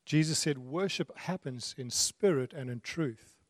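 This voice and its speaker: Guy preaching, kinda high voice, dry close mic but long church reverb tail. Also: unhurried. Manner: earnest, repeats key phrases, laughs at his own asides. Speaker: pastor. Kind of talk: sermon.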